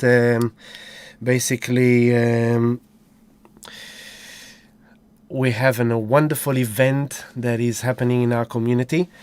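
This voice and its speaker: A man's voice: mid-range voice, a little mellow, smooth. A man hosting a casual livestream, effusive and whooping as he greets viewers one by one. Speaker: livestream host.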